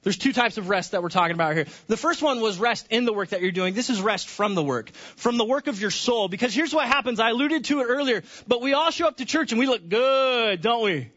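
A man delivers a sermon in a high, bright-edged voice, swinging between hushed, slow stretches and excited near-shouting. The recording is slightly dull and muffled. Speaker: pastor.

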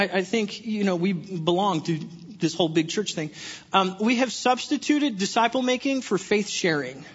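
A man, a pastor, preaching in a church sanctuary in a lively, conversational way full of rhetorical questions. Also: high voice. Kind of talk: sermon. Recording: dull, husky sound with long hall reverb.

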